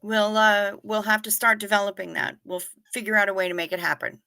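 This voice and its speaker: Chatty livestream host, woman, bright tone, close and dry. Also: medium pitch, little pitch movement, vocal fry, dry recording. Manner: chatty, reacting to comments with quick asides. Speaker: livestream host reading chat. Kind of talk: casual chat.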